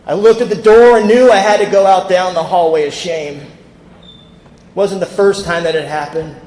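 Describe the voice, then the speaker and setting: A man from California tells his recovery story to a convention crowd, candid and storytelling, acting out the voices he quotes. His voice is fairly high for a man, steady in tone, a little mellow, at normal speed. The long reverb of a big, echoey hall surrounds the personal recovery talk.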